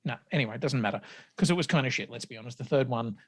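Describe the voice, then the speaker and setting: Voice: medium pitch, very fast. A host leading a casual podcast film discussion in a chatty, sweary manner. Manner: chatty, sweary, steering the talk. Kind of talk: casual film-review chat.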